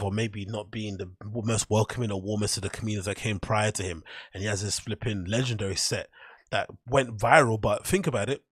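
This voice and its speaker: A man's voice: fairly low pitch, dry recording, studio quality. A man hosting a show, giving casual, blunt and dismissive commentary on clips. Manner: blunt, dismissive, says "cringe" a lot. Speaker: host reacting to clips.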